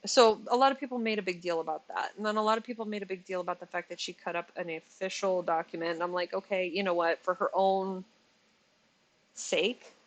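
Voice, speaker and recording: A woman's voice: lowish voice, steady tone, fairly quick, rough recording. A woman in her forties giving a casual commentary vlog, chatty and exasperated, often laughing and correcting herself as she stumbles over words. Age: 40s. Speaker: commentary channel host.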